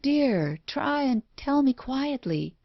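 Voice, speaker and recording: A woman reading an audiobook, voicing an uneasy husband who speaks gently and coaxingly, on a dull lo-fi recording. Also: high voice, sing-song, slow, gravelly, no echo, pitched above the performer's own voice, full character voice.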